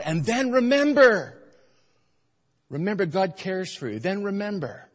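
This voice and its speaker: A man preaching a sermon as pastor, emphatic, swinging between loud urgent passages and quiet earnest ones. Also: sits high, big pitch swings, a little slow, big-room sound. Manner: emphatic preaching, rising and falling in force.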